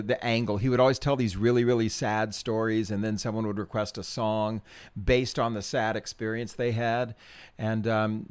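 A man's voice: lowish voice, no echo. A middle-aged man hosting his own podcast in a chatty, self-deprecating way, with ums and small laughs. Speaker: podcast host. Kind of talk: casual solo podcast talk.

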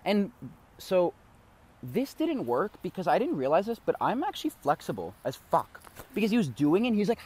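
A man's voice: high voice, huge pitch swings, normal speed, darkish tone, slightly rough. A man casually telling a long story on a podcast, rambling with many fillers and swearing freely. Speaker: podcast co-host.

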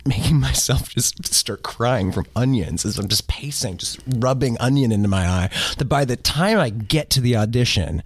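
A man's voice: mid-range voice, animated, moderate pace, hardly any pauses, breathy edge, no echo. Chatty man on a dry mic. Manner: chatty, jokes along with the guest. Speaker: podcast host. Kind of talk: casual interview chat.

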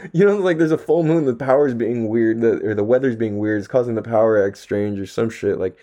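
A man's voice: mid-range voice, brisk, warm tone. A man talking to the camera in a casual, rambling monologue, laid-back and full of profane slang, his throat a little dry. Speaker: vlogger.

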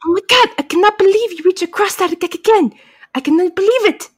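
A woman playing a furious, pompous ancient pharaoh who shouts threats. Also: very high-pitched, fast, pitched above the performer's own voice. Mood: furious threatening. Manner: shouting threats in a put-on accent.

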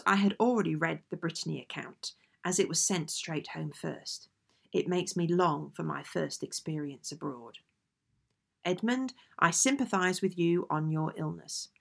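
Low, gravelly woman reading old letters. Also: animated. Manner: measured, genteel letter-reading. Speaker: audiobook reader.

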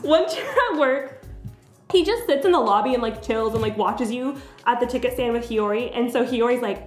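A woman's voice: fairly high pitch, normal speed, darkish tone. A young woman co-hosting a podcast, recapping a game route in casual chat full of fillers, laughing often. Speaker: podcast co-host. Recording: roomy echo, faint music bed.

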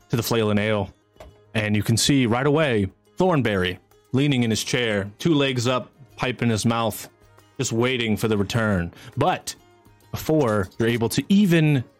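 A man narrating as game master of a streamed tabletop game, energetic and chatty, swinging into excited whoops. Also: medium pitch, measured pace, no room sound, faint music behind.

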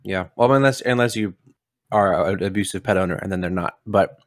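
Young man, podcast co-host, low voice, relaxed rambling chat, dry sound. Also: fairly quick, no echo. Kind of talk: casual chat.

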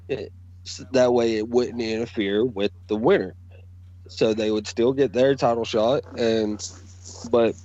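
A man's voice: mid-range voice, darkish tone, dry recording, lo-fi sound. A man, talking bluntly and profanely as a guest in a casual chat about wrestling promos.

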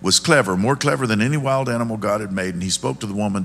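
Male pastor, low gravelly voice, folksy sermon style, faint music behind. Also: fast talker, hardly any pauses, fairly bright tone, a little hiss or hum. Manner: folksy, asks the congregation questions. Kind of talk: conversational sermon.

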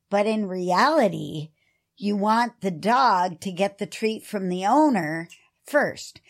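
A woman's voice: medium pitch, a little mellow. A woman podcast co-host with a dog-training background, chatting in an enthusiastic, encouraging way. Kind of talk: casual chat.

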